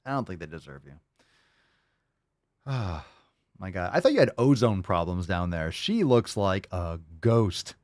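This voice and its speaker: A man's voice: low voice, animated, unhurried, long pauses, a little mellow, dry recording, clean studio sound. A man hosting a commentary show, ranting crudely and mocking his subject with sarcasm. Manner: crude, mocking, sarcastic rants with mock voices. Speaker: show host.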